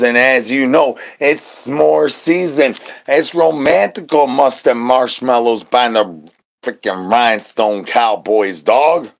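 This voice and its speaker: A man riffs to his stream chat in a goofy, rambling voice full of rhyming nonsense and singsong repeats. He lurches from low, murmured asides to sudden loud shouts, never settling into one pitch. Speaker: livestream host. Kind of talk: rambling comedic stream chatter.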